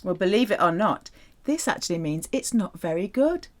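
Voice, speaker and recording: Playful, animated woman teaching a language. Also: normal speed. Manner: playful, animated teaching with wide pitch swings. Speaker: French teacher. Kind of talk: language lesson narration.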